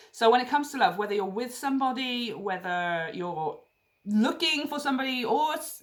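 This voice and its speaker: A woman reading tarot cards to camera in a chatty, gushing way, prone to excited outbursts. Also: mid-range voice. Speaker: tarot reader.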